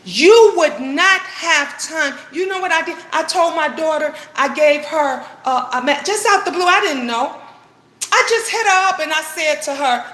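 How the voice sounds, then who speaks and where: A woman's voice: high voice, lively intonation, unhurried, a bit bright. A middle-aged woman vlogger giving an emotional, impassioned monologue to her viewers, repeating phrases and swearing bluntly. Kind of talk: heartfelt preachy monologue to viewers. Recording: roomy echo.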